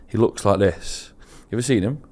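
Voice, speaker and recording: A man co-hosting a casual podcast, telling a story with animated embarrassment. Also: lowish voice, a little fast. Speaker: podcast co-host.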